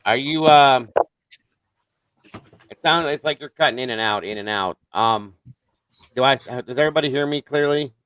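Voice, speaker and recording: Bright, clear-voiced male stream host. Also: mid-range voice, moderate pace, long pauses, no echo, poor audio. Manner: easygoing, checks in with each guest. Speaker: livestream host. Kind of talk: casual live-stream chat.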